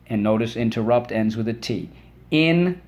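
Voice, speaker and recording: A male teacher with a somewhat low voice runs a children's phonics lesson. He is patient and encouraging, saying each word and leading the class to repeat it back. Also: normal speed, darkish tone. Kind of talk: phonics lesson with call-and-response drills.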